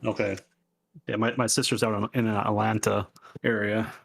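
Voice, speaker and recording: A man from Minnesota with a fairly low voice speaks plainly in a casual chat. He laughs easily and swears now and then. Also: flat delivery, moderate pace, gravelly, a bit bright.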